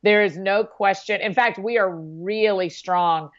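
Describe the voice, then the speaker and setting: A bubbly, chatty woman being interviewed on a podcast, laughing often as she talks. Her voice sits at a middling pitch. The audio is a little dull and muffled. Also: unhurried. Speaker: podcast guest, author. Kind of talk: casual interview chat.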